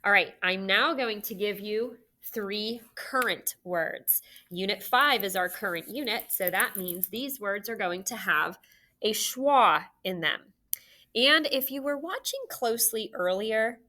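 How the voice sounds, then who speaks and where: A woman's voice: mid-range voice, sharp tone. A young woman teaching a recorded phonics lesson for children, patient and encouraging, sounding out words and letters.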